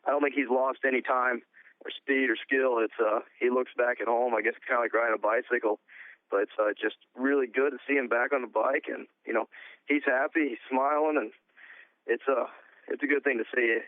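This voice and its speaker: A man's voice: medium pitch, fairly quick, no room sound. A man in a phone interview who races ATVs, in the middle of his range. He talks loosely and leans on fillers. The line is thin and tinny, with no room sound at all. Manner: relaxed, plain-spoken, many "uh" fillers. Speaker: pro ATV motocross racer.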